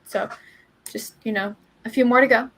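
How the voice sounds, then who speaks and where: A woman giving a relaxed, filler-heavy update on her writing in casual chat. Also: on the high side, moderate pace, rough recording. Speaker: writer on a livestream.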